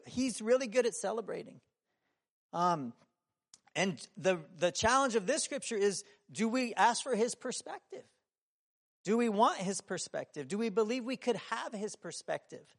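A male preacher with a notably high voice gives a relaxed, conversational sermon. He keeps asking the room questions and acts out the people in his story, sometimes rising to a shout.

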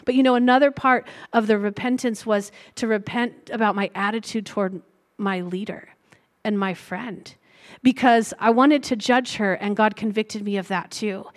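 A middle-aged woman preaching a sermon and sharing a personal testimony, earnest and reflective, slowing down to stress key lines. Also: mid-range voice, fairly even intonation.

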